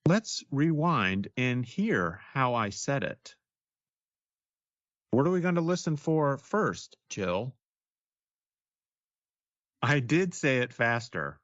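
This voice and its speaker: Guy co-hosting an english podcast, slow and animated, dry dull-ish sound. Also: fairly high pitch, dry recording. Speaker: co-host. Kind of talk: scripted educational podcast.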